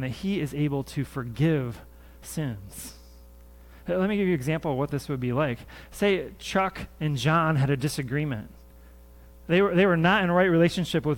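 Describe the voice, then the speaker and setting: A male pastor preaching to his congregation in a church. He speaks in an earnest, conversational way and circles back over his own phrases for emphasis. His voice sits a little higher than most men's. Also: animated, moderate pace. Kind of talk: sermon. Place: church sanctuary.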